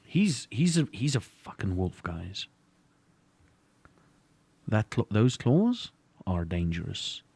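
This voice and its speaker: A South African man runs a tabletop game as storyteller, his voice sitting a little low. He jokes and teases the players as he narrates. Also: sing-song, slow, vocal fry, pauses often, darkish tone, breathy edge, dry recording. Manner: joking, teasing the players. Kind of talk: running a tabletop role-playing game.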